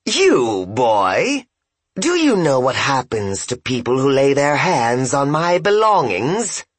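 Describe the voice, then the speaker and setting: A man's voice: medium pitch, wildly swooping pitch, slow, husky, no room sound, voice pushed up, full character voice. A man voicing a vengeful old female ghost of a loom in an audiobook, screeching and menacing. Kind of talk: audiobook narration.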